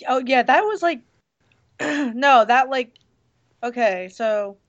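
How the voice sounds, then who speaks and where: A woman co-hosting a casual movie review chat, hoarse from losing her voice, blunt and hesitant with many fillers. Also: high-pitched, lively intonation, takes it slowly, muffled recording. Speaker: podcast co-host reviewing a movie.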